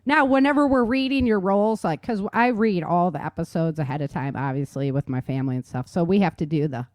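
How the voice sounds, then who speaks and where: A woman's voice: lowish voice, a little fast, darkish tone, no room sound. A woman hosting a podcast in casual chat, upbeat and chatty with frequent laughs. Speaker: podcast host.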